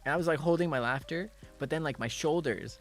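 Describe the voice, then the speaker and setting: During a casual stream chat, a man tells an animated story at a fairly quick pace, with soft background music playing. He bursts into high laughter often and acts out the quotes in his tale.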